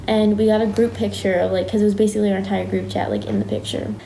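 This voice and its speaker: A woman's voice: mid-range voice, very animated, fast, gravelly, dark tone, a little hiss or hum, low-quality recording. A young woman chatting through a story of meeting a band, rambling with lots of "like". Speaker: fan recounting a concert day. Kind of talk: casual storytelling.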